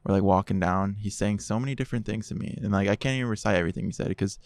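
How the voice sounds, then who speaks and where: A man speaking as a podcast guest, telling his testimony in a casual, animated way and quoting others in dialogue. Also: fairly low pitch, racing.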